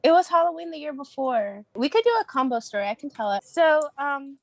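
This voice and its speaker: A young woman co-hosting a podcast in casual chat, giggly and quick with jokey comments. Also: sits high, expressive, dry recording. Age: young adult. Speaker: podcast co-host.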